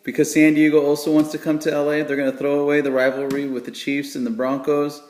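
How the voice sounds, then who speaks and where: A man's voice: on the high side, level tone, fast talker, darkish tone. A man casually chatting through sports picks, rambling and joking with many fillers. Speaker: sports vlogger making game picks. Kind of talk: casual chat. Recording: echoey room.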